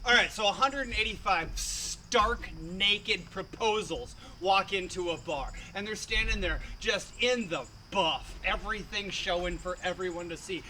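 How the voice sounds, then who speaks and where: A man's voice: high voice, moderate pace, hardly any pauses, bright, forceful tone, a little hiss or hum, poor audio. A man hosting a live online improv show, upbeat, laughing often and cursing casually as he runs the games. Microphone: home video call setup.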